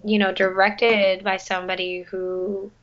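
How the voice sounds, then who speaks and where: A woman's voice: medium pitch, little pitch movement, unhurried, muffled recording. A young woman chatting casually about her theater career, with lots of fillers and restarts. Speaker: guest, musical theater performer. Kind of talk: casual chat.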